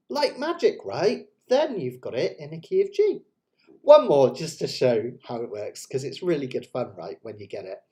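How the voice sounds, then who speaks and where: This ukulele jam host speaks unhurriedly in a mid-range voice with huge swings in pitch. His casual online lesson mixes chat with step-by-step chord explanations, while loud ukulele music plays in the background.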